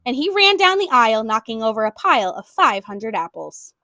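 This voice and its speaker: A woman reading a children's storybook aloud in an expressive way. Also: on the high side, fairly quick, very noisy. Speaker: storybook reader.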